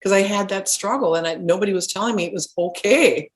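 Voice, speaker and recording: A middle-aged woman, a spiritual healer, earnestly telling a personal story with animated restarts. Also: medium pitch, quick pace.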